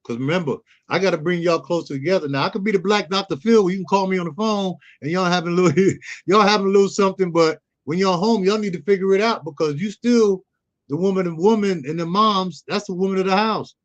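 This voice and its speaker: High-voiced middle-aged man telling stories. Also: quick pace, highs cut off. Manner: storytelling, acts out quoted dialogue. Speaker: guest, youth mentor. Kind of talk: casual conversational interview.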